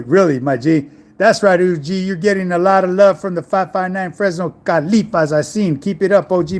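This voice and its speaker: A middle-aged man, an online fitness coach, chatting casually on a livestream and answering viewer messages in laid-back street slang. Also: high voice.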